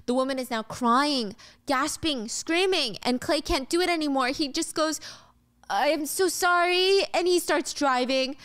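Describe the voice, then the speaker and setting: A young woman casually recapping a film as the host, acting out the characters' lines with lively delivery. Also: high voice, normal speed, no room sound. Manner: animated storytelling, acts out characters' lines.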